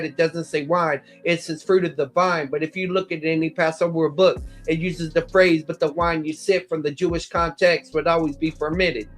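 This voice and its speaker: A man lecturing on scripture, working methodically through passages and citing chapter and verse as he explains them. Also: a little high. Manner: methodical, cites verse numbers, quotes passages aloud. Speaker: Bible teacher.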